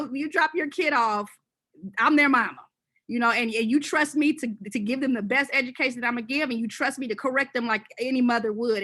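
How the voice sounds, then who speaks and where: A woman educator and former school principal on a panel, telling stories in a lively, colloquial way and acting out her quoted exchanges. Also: fairly high pitch. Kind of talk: panel discussion storytelling.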